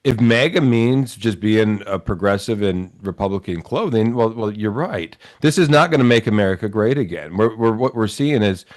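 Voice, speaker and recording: A man's voice: fairly low pitch, lively intonation, moderate pace, hardly any pauses. A man with a Wisconsin accent giving earnest, argumentative political commentary on a talk show.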